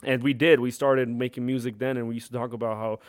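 Podcast guest, twenties, Californian lilt, animated storyteller, dry studio mic. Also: male voice, mid-range voice, fast, no echo. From Thailand and California. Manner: animated, laughs often, many "like" fillers. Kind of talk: casual storytelling.

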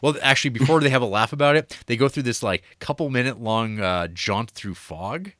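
A man's voice: mid-range voice, fairly quick, bright, forceful tone. A man co-hosting a casual film podcast, rambling with many fillers and restarts. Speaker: podcast co-host reviewing a film. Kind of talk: casual chat.

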